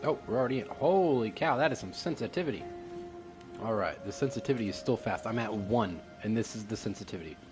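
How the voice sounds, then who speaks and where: A man's voice: on the low side, lively intonation, quick pace, over music. Young guy joking through a horror game. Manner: joking, reads game text aloud. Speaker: gaming youtuber. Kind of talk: casual gameplay commentary.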